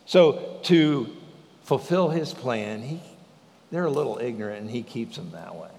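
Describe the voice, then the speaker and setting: A male pastor preaching a sermon in a lively way, acting out the lines of the scripture. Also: medium pitch, measured pace, gravelly, long reverb tail. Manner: animated preaching, acts out the speakers in the scripture.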